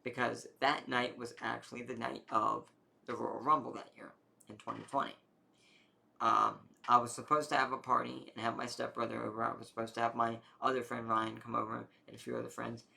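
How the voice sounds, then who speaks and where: A young adult man casually telling a long personal health story, rambling and animated, with many fillers. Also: medium pitch, a little fast, creaky.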